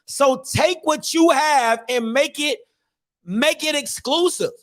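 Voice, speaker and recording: High-pitched man ranting emphatically. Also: takes it slowly, a bit bright. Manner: emphatic, repeats rhetorical questions; casual slangy delivery with restarts. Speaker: podcast host. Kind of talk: opinionated commentary rant.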